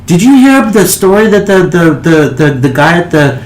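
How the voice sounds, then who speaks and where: A man's voice: high voice, very animated, moderate pace, pitched above the performer's own voice. A man voicing a chatty nine-year-old noble boy who talks eagerly and stumbles over his words. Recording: echoey room, faint hiss.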